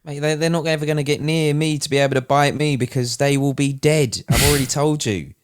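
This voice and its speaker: A man's voice: on the high side, fairly even intonation, fairly quick, smooth. A man co-hosting a podcast, talking animatedly and swearing a lot. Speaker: podcast co-host. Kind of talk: casual chat.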